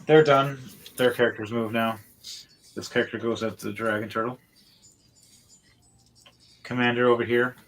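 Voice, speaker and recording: A man narrating a tabletop game as game master, calling out dice rolls and combat turn by turn, with sudden loud outbursts. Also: mid-range voice, steady tone, normal speed, long pauses, rough recording.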